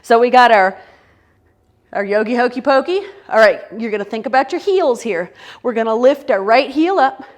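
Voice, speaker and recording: A woman's voice: on the high side, lively intonation, normal speed. A middle-aged woman teaching a playful, encouraging yoga class for kids, calling out each movement. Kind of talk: kids' yoga class instruction.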